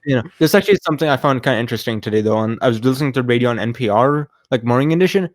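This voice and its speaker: A man's voice: mid-range voice, rapid-fire, no room sound, clean studio sound. Teasing man in casual podcast chat. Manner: teasing, blunt, plugs games between jokes. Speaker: podcast co-host.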